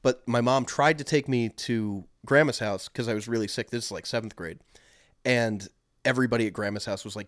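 A man's voice: mid-range voice, brisk, fairly bright tone, dry recording. Podcast guy rambling thru a story, um and like everywhere, dead dry mic. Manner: rambling, many fillers and restarts. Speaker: podcast co-host. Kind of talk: casual chat.

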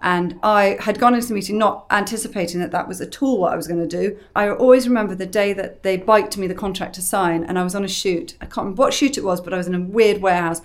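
A woman in her thirties talks through her working life in a relaxed, chatty interview. She tells her stories with lively energy and drops in quick voices for the people she quotes. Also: fairly low pitch. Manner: animated storyteller who acts out quoted voices. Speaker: makeup artist and brand ambassador. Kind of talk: casual chat.

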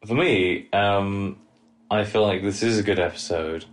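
A young man co-hosting a podcast, giving measured opinions in a hesitant way and often repeating his words. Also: fairly low pitch. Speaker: podcast co-host. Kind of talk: casual chat.

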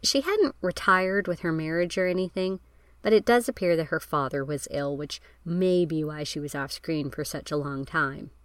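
A woman's voice: low-pitched, normal speed, dry recording. Woman narrating film history, wry. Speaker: podcast host.

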